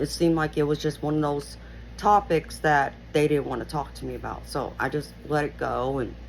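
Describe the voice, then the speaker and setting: A woman's voice: low voice, a little hiss or hum, poor audio. A woman hosting her own channel, telling a personal story in a rambling, earnest way with lots of "you know" fillers. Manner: earnest, reflective retelling. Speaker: channel host.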